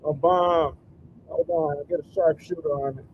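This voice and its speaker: A man's voice: a little high, fairly even intonation, moderate pace, muffled recording, slight background noise. A man reacting to videos on a live stream, casual and slangy with wry asides.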